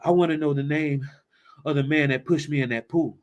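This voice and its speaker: A polite young suitor answers respectfully, played by a man in his own voice. He sounds a little hesitant. His voice sits slightly high. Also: steady tone, brisk, close to an everyday voice.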